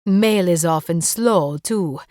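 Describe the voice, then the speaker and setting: A woman's voice: on the low side, slow, a little mellow, no echo, clean studio sound. A woman voicing a friendly, cheerful female neighbor with a French accent. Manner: cheerful and gay.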